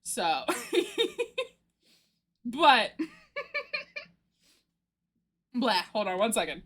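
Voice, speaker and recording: A young woman streamer chatting casually, gushing excitedly about a story she loves and laughing often. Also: mid-range voice, very slow, husky. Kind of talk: casual chat recapping a story.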